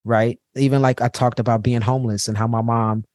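A man's voice: mid-range voice, flat delivery, fairly quick, darkish tone, dry recording, clean studio sound. Candid man telling a heartfelt story. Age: adult parent. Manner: candid and heartfelt, repeats words for emphasis. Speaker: podcast host. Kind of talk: personal storytelling monologue.

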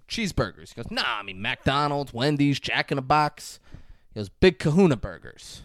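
Lively, animated man on a podcast. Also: mid-range voice, a little fast, dry recording, studio quality. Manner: animated, acts out quotes in big voices. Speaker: podcast co-host. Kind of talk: casual chat recapping a film.

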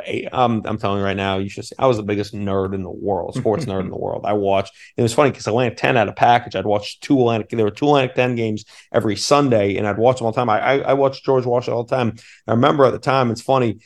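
A man's voice: fairly low pitch, gravelly. A man in his thirties from Maine, an assistant basketball coach telling an eager, rambling story on a podcast. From Maine, USA. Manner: eager, rambling, many restarts.

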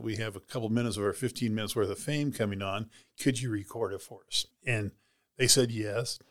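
A man's voice: fairly low pitch, a bit bright. A man, a heart transplant recipient, casually retelling a personal story in an interview, rambling with many "you know"s and "she goes".

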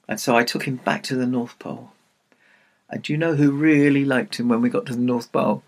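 A man speaking as Santa, telling a children's story in a playful, animated way and asking the listener questions. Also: mid-range voice, brisk.

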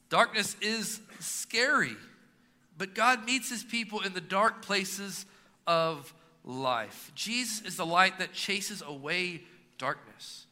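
Pastor, man in his 30s, sermon delivery, bright and slightly high voice, reverberant sanctuary. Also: slow pace. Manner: preaching with emphatic rising and dropping delivery. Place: church sanctuary. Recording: long reverb of a church hall.

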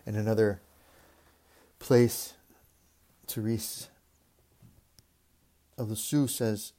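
A man preaching a reflective sermon, speaking in a measured way with repeated phrases and long pauses. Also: lowish voice, fairly even intonation, dark tone.

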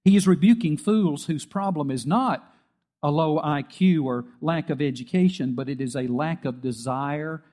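A man's voice: fairly high pitch, moderate pace, warm tone. A middle-aged man preaching a sermon as pastor, telling stories with acted-out quotes and emphatic peaks.

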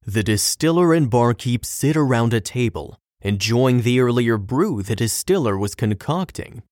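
A man narrating a fantasy tale in a steady, descriptive storytelling manner. His voice sits at a middling pitch, and the recording is close and dry, with no room sound. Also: normal speed, no room sound. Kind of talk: scripted narration.

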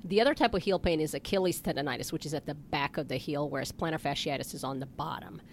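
A woman podiatrist, a guest on a health talk show, explaining foot problems in a relaxed, plain way with easy laughs. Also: deep voice, fast, a little hiss or hum. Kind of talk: casual interview talk.

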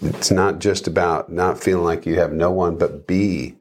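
A man's voice: low-pitched, steady tone, normal speed, a little hiss or hum. A man in a casual faith discussion, pressing his points with rising rhetorical questions. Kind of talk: conversational faith talk.

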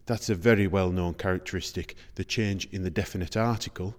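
A man hosting a podcast in measured, explanatory scripted narration. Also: low voice, steady tone. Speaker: podcast host. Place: large circular museum room. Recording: reverberant space.

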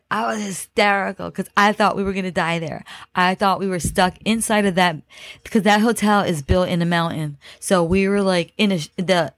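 A woman's voice: on the low side, a bit bright, no room sound. A woman host telling a dramatic personal story, repeating phrases and using many fillers. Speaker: podcast host.

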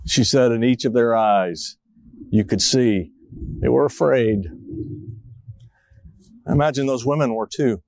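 A man's voice: mid-range voice, measured pace, long pauses, darkish tone, dry recording, poor audio. A middle-aged man preaching a reflective sermon as a pastor, telling stories. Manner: storytelling, reflective, acts out a child's voice in quotes.

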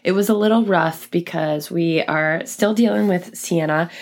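A woman's voice: fairly low pitch, moderate pace. A woman in her thirties, a mother and PE teacher, casually telling a personal story with many asides and quoted thoughts. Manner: chatty, lots of "like" and quoted inner thoughts. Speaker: podcast host, mother and PE teacher.

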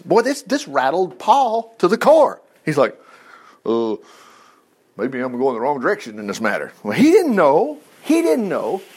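A man preaching a sermon, retelling Bible stories with animated storytelling and acted-out characters. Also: on the high side. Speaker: pastor.

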